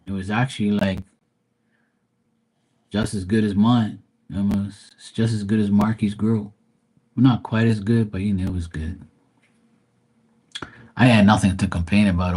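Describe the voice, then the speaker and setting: Male streamer, husky voice, loose profane storyteller. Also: lowish voice. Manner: profane, rambling,喜 joking. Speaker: livestream tarot reader. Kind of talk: casual livestream storytelling.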